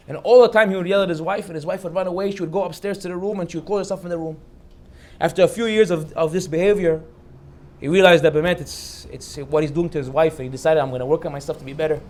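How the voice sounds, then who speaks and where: Fast-talking, animated male rabbi storyteller. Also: on the high side. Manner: animated storyteller acting out the characters' lines. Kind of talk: storytelling sermon.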